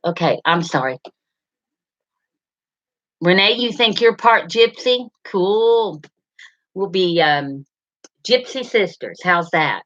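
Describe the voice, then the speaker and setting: A woman's voice: lowish voice, expressive, slow, long pauses, fairly bright tone. A middle-aged woman, rambling as she chats with viewers and reads their comments in a live stream. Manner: chatty, rambling, addresses viewers by name. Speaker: livestream host. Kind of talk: casual live chat reading comments. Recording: slightly dull lo-fi sound.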